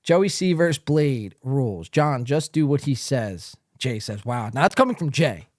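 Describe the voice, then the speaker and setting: A man's voice: medium pitch, lively intonation, moderate pace, a little mellow, no echo, studio quality. A man hosting a live podcast, reading chat comments aloud and ranting at a viewer in a profane, confrontational, taunting way. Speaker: podcast host.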